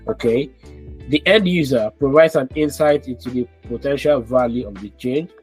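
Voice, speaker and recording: A man's voice: medium pitch, moderate pace, a little mellow, slightly rough, soft background music. Man teaching a live online class. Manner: coaxing, repeats names and prompts. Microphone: video call.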